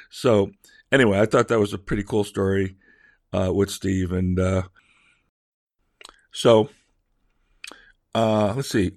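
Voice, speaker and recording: A man's voice: deep voice, dry recording, studio quality. An older man telling a rambling personal story, chatty and digressive, full of fillers and restarts, acting out voices for comic effect.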